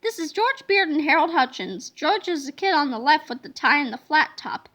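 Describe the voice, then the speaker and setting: A woman reading a children's chapter book aloud in a playful, expressive way. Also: high voice, moderate pace. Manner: expressive, playful storybook delivery. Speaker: reader.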